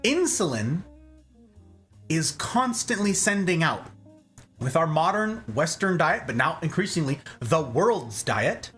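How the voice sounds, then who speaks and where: A man hosting a casual explanatory chat, jokey and animated, often checking in with "okay?". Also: fairly high pitch, slow pace, faint music behind. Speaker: host.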